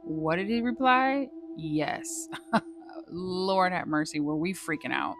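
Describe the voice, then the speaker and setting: A woman vlogger casually telling a ghost story, swearing freely in a lively, dramatic way. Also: on the low side, unhurried, noisy background.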